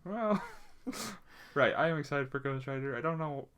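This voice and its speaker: A man's voice: a little high, lively intonation, normal speed, a bit bright, clean tone. A man co-hosting a casual podcast chat, rambling with plenty of fillers and restarts. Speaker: podcast co-host.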